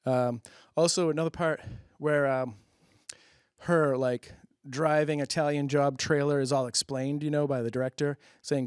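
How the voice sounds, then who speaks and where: A man's voice: on the high side, fairly even intonation, moderate pace, smooth, no echo, studio quality. A man hosting a public-access comedy show, rambling through jokes, laughing at his own bits and asking if they land. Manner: loose, rambling, many fillers. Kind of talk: rambling comic monologue.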